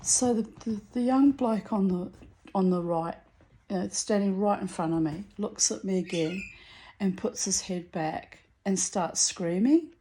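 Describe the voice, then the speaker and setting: A middle-aged woman telling a story to the camera in a casual vlog, laughing often and going high and loud when excited. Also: a little slow. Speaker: vlogger.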